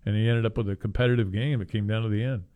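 A man's voice: lowish voice, fairly even intonation, very fast, phone-quality sound. A man co-hosting a sports talk show, rambling casually and chuckling as he interrupts himself. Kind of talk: casual sports radio chat.

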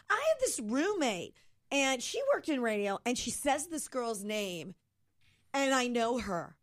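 A woman from Ohio chatting on a radio talk show, her voice a little high. She tells stories with energy and acts out what each person said. It sounds like a relaxed conversation between co-hosts. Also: moderate pace. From Ohio, USA. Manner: animated, acts out quoted dialogue. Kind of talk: casual storytelling chat.

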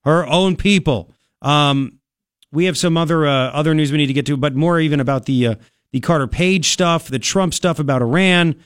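A man hosting talk radio, his voice sitting fairly high for a man. He talks emphatically, repeats himself and throws in quick asides. The studio sound is close and dry. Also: no room sound. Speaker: radio talk show host. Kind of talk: talk radio monologue with live ad read. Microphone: studio microphone.

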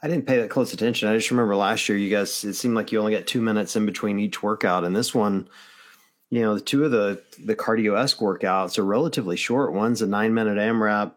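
A man's voice: fairly low pitch, fast. A man co-hosting a casual chat, rambling with lots of fillers and hedges. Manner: rambling, hedging, many fillers.

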